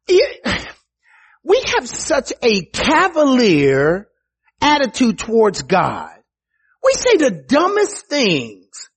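A man preaching a sermon in a conversational way, with asides to his listeners and a voice that climbs high for emphasis. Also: slow pace, slightly rough. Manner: animated, rises high for emphasis and quoted voices; conversational, with restarts and asides to the congregation.

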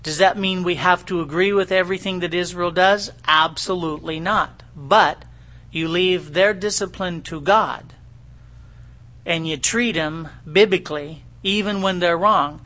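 A man's voice: high voice, a little slow, fairly bright tone. A middle-aged man preaching a conversational sermon in a folksy way, often checking in with his listeners. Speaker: pastor.

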